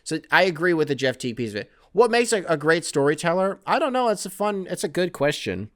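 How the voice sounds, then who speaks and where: A man's voice: fairly high pitch, sing-song, quick pace, a bit bright. A man hosting a casual sports podcast, talking in a loose, rambling way and swearing freely. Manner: loose, rambling and profane, self-described scatterbrained. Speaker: podcast host.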